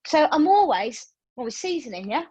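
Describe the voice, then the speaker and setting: A woman, leading a yoga class over a video call and telling a lively story, acting out her own reactions. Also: high-pitched, moderate pace, no room sound, rough recording. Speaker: yoga teacher. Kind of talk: chatty class talk with a personal story. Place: room used for online classes.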